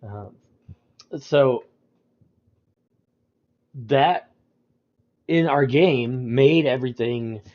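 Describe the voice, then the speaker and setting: A man's voice: mid-range voice, dull audio. A man on a livestream explaining tabletop game rules in a casual, rambling way, with lots of ums and restarts. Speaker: storyteller explaining game mechanics.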